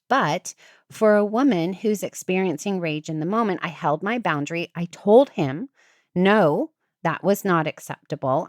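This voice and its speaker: A woman hosting a podcast, chatting casually and acting out what people said with sudden jumps in pitch. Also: no echo, studio quality. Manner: animated, acts out quotes with big pitch jumps. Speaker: podcast host. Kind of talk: casual storytelling chat.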